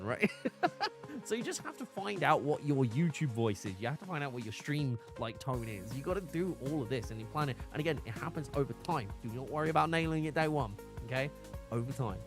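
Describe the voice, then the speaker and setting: A man's voice: medium pitch, expressive, brisk, faint music behind. A man streaming live, chatting casually and animatedly, often restarting and laughing.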